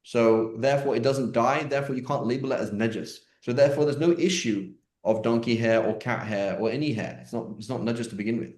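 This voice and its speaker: A man's voice: medium pitch, a little fast, few pauses, darkish tone. Man teaching casually in a roomy echo. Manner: chatty, joking, many fillers and restarts. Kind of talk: casual online Q&A class.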